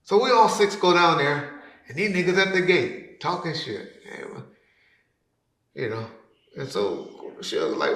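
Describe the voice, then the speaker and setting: A man telling a story in casual talk, animated, who acts out the people he quotes with sudden loud, high bursts. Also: measured pace. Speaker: podcast guest telling a story. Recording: roomy echo.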